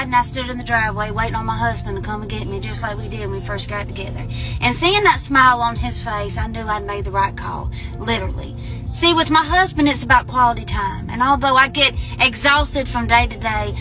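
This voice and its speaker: A soft-spoken married woman shares a sentimental, folksy story about her husband. Her voice sits a little high, and music plays clearly underneath it. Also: rough recording. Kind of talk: heartfelt storytelling to camera.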